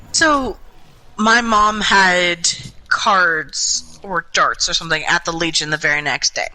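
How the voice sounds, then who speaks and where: Young woman, casual voice-chat storyteller, rambling, self-mocking, very bright tone. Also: lowish voice, moderate pace, rough recording. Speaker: gaming group member.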